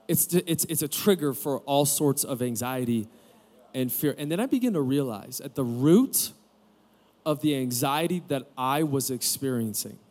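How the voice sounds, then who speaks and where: This fairly high, darkish voice belongs to a pastor in his forties. Before a live audience in a camp gathering room, he gives an open, personal sermon full of joking asides.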